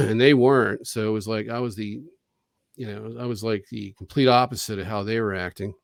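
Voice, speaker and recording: A man's voice: lowish voice, normal speed, gravelly, no echo, clean studio sound. A man on a video call, telling a long story in a rambling, casual way, with restarts, swearing and acted-out quotes. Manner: rambling, profane, with frequent restarts and quoted dialogue. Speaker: interview guest.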